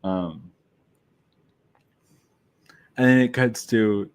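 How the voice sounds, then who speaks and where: A man's voice: fairly low pitch, very slow, smooth. A man giving a casual film review monologue, rambling and often restarting his sentences.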